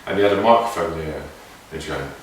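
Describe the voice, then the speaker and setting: A didgeridoo player with a bass voice tells casual anecdotes at a quick pace, meandering and reflective with many restarts. The room is very echoey and the mic sits far off.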